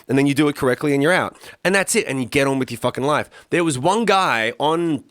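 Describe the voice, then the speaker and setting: A man's voice: medium pitch, expressive, quick pace, a bit bright, no echo, studio quality. An Australian man co-hosting a podcast, telling stories in a casual, profane, ranting way. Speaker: podcast co-host.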